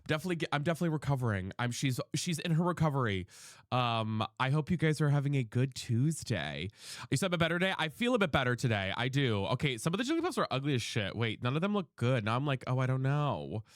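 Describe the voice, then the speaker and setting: A man's voice: medium pitch, very animated, fast, no echo, studio quality. A young man streaming from his room at home, chatting casually while he plays, greeting viewers by name and swearing freely. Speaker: live streamer. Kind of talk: casual live-stream chat while playing a game.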